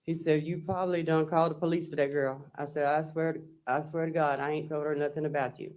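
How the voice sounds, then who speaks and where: A woman's voice: low voice, level tone, fast talker, darkish tone. Woman testifying, quoting old texts. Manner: recounting and quoting text messages. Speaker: defendant testifying. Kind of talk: courtroom testimony. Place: courtroom.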